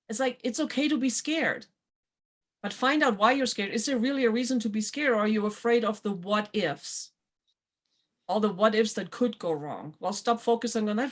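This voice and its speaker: A woman hosting a talk show, chatting in a casual motivational way and acting out quoted voices with lively swings. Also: on the high side. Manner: animated, acts out quoted voices. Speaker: podcast host.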